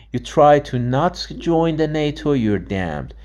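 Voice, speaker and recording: An emphatic man talking straight to camera in a personal monologue. His pitch is medium and swings widely, and he often stumbles and restarts. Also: lively intonation, slow pace, hardly any pauses, a little mellow. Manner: emphatic, acts out dialogues, frequent restarts. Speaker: father and video blogger. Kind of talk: emotional monologue commentary.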